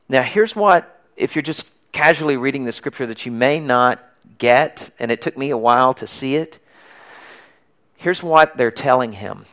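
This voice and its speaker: A middle-aged man delivers a Sunday sermon, walking his congregation through a Bible story. He tells it with animation, slipping into raised, shouted lines for the people in it. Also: medium pitch, moderate pace. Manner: animated storytelling, acting out the crowd's and beggar's shouts. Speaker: pastor.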